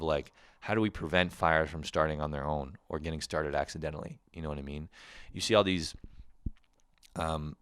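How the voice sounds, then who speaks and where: Deep-voiced Canadian man ranting. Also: clear, resonant tone, no echo. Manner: animated, swearing, laughing often. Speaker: podcast host. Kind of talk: casual comedic monologue.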